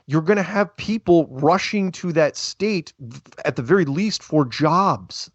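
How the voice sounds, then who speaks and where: A man hosting a call-in show, talking casually in a rambling, animated way and often restarting his sentences. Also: fairly high pitch, measured pace, no room sound. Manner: rambling, animated, self-interrupting. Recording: dull, lo-fi phone-style sound.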